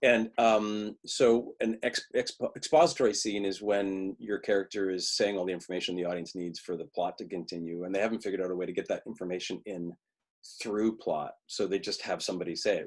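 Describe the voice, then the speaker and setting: A man speaks in a low, husky voice, teaching acting over a video call. He talks loosely and conversationally, restarts his sentences, and briefly acts out the lines he quotes. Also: brisk. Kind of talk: webinar teaching talk.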